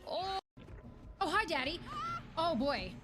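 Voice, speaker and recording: A woman's voice: extremely high pitch, lively intonation, takes it slowly, noisy background. A woman streaming a game live, chatting to viewers and shrieking and swearing when things go wrong. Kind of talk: live gameplay commentary.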